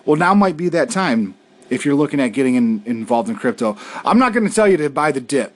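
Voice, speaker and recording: A man's voice: medium pitch, sing-song, a little fast. A man hosting a casual video show, talking in an easygoing, reassuring way and often tagging on "all right". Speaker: host.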